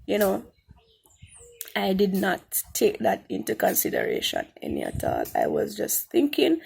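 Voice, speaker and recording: A woman's voice: medium pitch, huge pitch swings, normal speed, vocal fry, darkish tone, breathy edge. A woman giving an earnest spoken Christian testimony, repeating phrases for emphasis. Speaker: testimony speaker.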